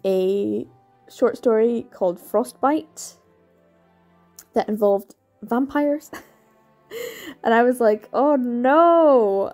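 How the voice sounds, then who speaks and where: A woman's voice: medium pitch, warm tone. Chatty woman reviewing books. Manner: enthusiastic, rambling, many fillers and laughs. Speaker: book reviewer. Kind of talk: casual chat.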